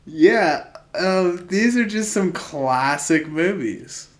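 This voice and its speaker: A man's voice: high-pitched, animated, takes it slowly. A man hosting a podcast in casual chat, laid-back and amused. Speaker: podcast host.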